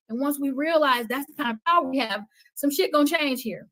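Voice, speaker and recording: A middle-aged woman talking passionately as a podcast guest, preachy and swinging between loud outbursts and hushed words. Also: high-pitched, normal speed.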